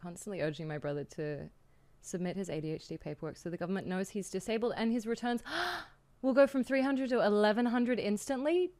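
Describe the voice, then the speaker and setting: A woman's voice: mid-range voice, fairly quick, darkish tone. A young Australian woman chatting casually on a live stream, giggling and reading out her chat.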